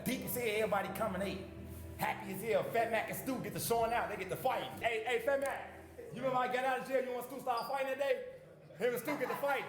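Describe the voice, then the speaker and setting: A man telling his story in a documentary interview, animated, streetwise and profane. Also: very high-pitched. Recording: roomy documentary interview with music bed.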